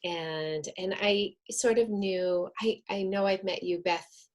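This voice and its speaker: A woman on a video call, talking earnestly and then coaching a group through slow counted breathing. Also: mid-range voice. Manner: soft, earnest, counts slowly. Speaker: wellness speaker.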